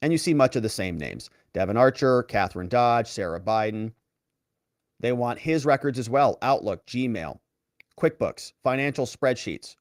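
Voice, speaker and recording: A man's voice: medium pitch, moderate pace, dry recording, clean studio sound. A man who works as a lawyer, reading political letters aloud and commenting on them with sarcastic, mocking asides. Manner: animated reading of quoted letters.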